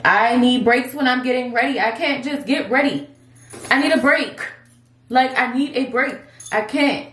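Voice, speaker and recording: A woman's voice: on the high side, normal speed. Chatty young woman, cussing, echoey room. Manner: candid, profane, animated girl-talk. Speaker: beauty vlogger. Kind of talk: casual chatty vlog. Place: room at home while styling hair. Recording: echoey room with faint noise.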